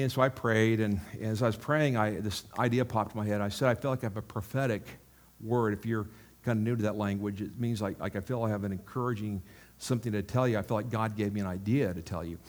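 A man's voice: lowish voice, steady tone, a little fast. A male pastor giving a sermon in a church, chatty and self-mocking, with frequent asides to the congregation.

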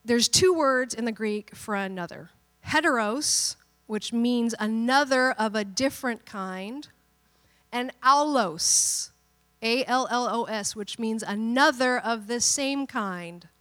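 A woman pastor gives a Bible teaching in a slightly high voice. She keeps it chatty and checks in with listeners as she goes. A long reverb from the hall hangs on her words. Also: takes it slowly, a bit bright.

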